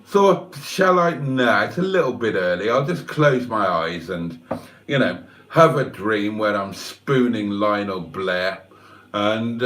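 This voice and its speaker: A man's voice: medium pitch, recorded from a distance. A man hosting a livestream, telling a wry, rambling story with self-mocking asides. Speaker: livestream host. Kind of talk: casual livestream chat.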